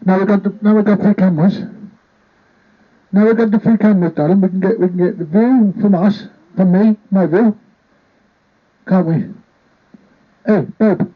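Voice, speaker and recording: A man's voice: high voice, fairly even intonation, moderate pace, long pauses. A man chatting in a playful, repetitive way while making a casual vlog, holding a handheld microphone and talking to a partner off camera. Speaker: vlogger. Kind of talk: casual rambling vlog chat. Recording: tinny phone-like sound.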